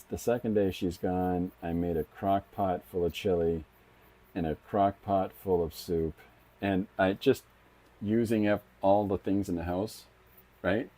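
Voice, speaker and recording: Low mellow-voiced middle-aged man. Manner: rambling, thinks aloud with frequent restarts. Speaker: comic artist streaming his drawing. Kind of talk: casual live-stream chat while drawing.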